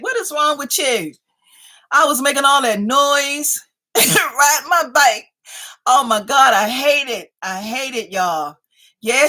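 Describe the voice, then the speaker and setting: A high-pitched woman in her fifties hosts a live stream, chatting casually with viewers. Her voice is bright and forceful, and she teases and laughs often as she reads their comments aloud. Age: 50s.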